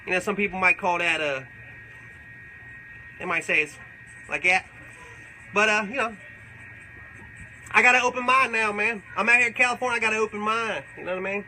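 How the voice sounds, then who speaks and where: A man's voice: sits high, fairly quick, long pauses, bright, forceful tone, a little hiss or hum, rough recording. A man playing a crude, boastful redneck character who rambles through tall tales and swears constantly during a comedic livestream Q&A. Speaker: comedic character answering fan questions.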